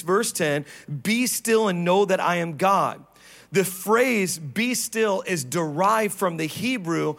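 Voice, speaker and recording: A male pastor preaching a sermon on stage, animated and playful, with sudden drops into low, quiet emphasis. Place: church stage.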